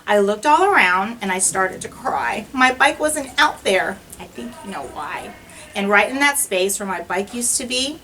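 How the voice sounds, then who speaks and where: A woman teacher reads a rhyming picture book aloud in a bright, clear voice. Her pitch swings widely as she carries the verses with a sing-song lilt. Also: animated, normal speed, far from the mic, a little hiss or hum, rough recording.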